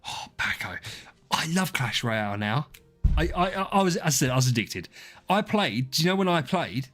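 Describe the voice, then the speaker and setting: A man's voice: on the high side, very animated, a little fast, fairly bright tone. A man, live-streaming and chatting casually to his viewers, rambling and joking about himself. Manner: rambling, self-deprecating, talks to chat by name. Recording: faint music behind.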